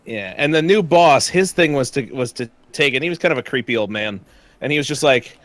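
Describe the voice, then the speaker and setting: A man's voice: medium pitch, a little fast, no echo. A man chatting casually while gaming, telling a story with lots of laughter and swearing. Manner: animated, laughing, swears freely. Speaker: gamer and co-streamer.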